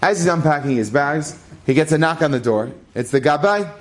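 A man's voice: a little high, a little fast. A man telling a story aloud in a conversational way, acting out each character. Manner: lively, conversational, acts out all the voices. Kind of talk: oral storytelling.

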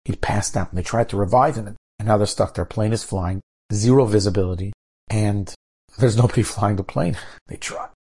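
A male rabbi tells a sermon story with lively pacing and acted-out quotes. His voice is low and warm, with a slightly husky edge. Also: moderate pace.

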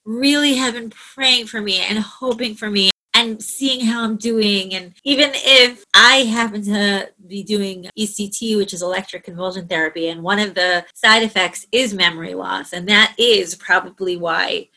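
Female interview guest, steady and reflective, bright tone. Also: mid-range voice, normal speed, hardly any pauses, low-quality recording. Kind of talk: conversational interview.

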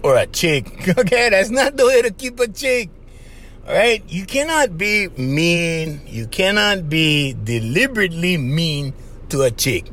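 A man hosting a podcast, giving casual advice in an animated monologue, laughing often and acting out little voices. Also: high voice, a little slow. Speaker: podcast host.

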